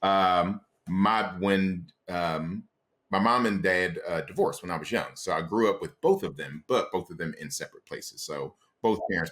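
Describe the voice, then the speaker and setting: A man with a very low voice, speaking as a podcast guest. He is reflective and halting, often restarting sentences as he searches for the right words. He grew up in Columbus, Ohio. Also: fairly bright tone. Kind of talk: casual interview conversation.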